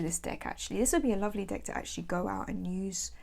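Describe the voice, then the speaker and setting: A British woman hosts a casual vlog, showing off her tarot decks in a chatty, meandering way. Her voice sits in a middle pitch with a gravelly, creaky edge, and she keeps drifting into playful, self-deprecating asides. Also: quick pace, a little mellow. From England. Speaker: tarot channel host.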